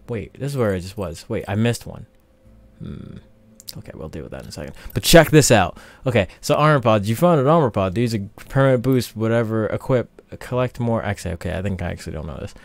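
Young male let's-player, low gravelly voice with a lively up-and-down delivery, rambling commentary. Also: fairly quick, no echo. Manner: rambling, self-interrupting, chatty asides to viewers. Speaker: let's play host. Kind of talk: casual gameplay commentary.

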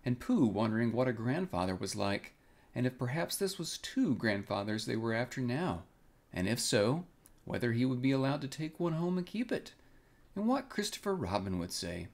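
A man reading a children's classic aloud at bedtime in a calm, expressive way. His mid-pitched voice has a noticeable gravelly texture. His intonation rises and falls freely to carry the story. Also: normal speed. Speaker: storybook reader.

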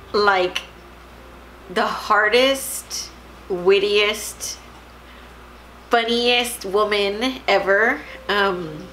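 A woman from Texas in her thirties, vlogging at home in a halting, tearful way, close to crying. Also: medium pitch, slight background noise, rough recording. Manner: tearful, halting, soft-spoken. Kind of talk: emotional personal vlog.

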